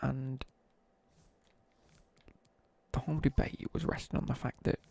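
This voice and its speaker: Gravelly, husky young man. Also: medium pitch, flat delivery, quick pace, warm tone. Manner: rambling storytelling with asides. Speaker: streamer. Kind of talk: casual chat while gaming.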